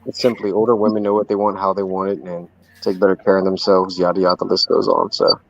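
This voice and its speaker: A man's voice: deep voice, level tone, fast, vocal fry, lo-fi sound, crowd noise. A man in his thirties, a paranormal investigator, chatting casually in a group and talking hesitantly. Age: 30s. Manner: hesitant, many fillers and restarts.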